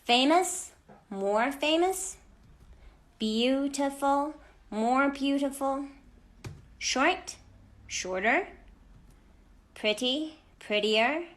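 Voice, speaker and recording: A woman teaching an English grammar lesson to children, speaking clearly and deliberately and stressing each example word. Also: high voice, animated, a bit bright.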